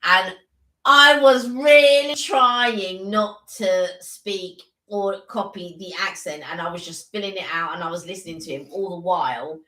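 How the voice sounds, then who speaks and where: A woman's voice: medium pitch, sharp tone, roomy sound, rough recording. A woman co-hosting a live stream, telling rambling anecdotes with lots of fillers in casual chat.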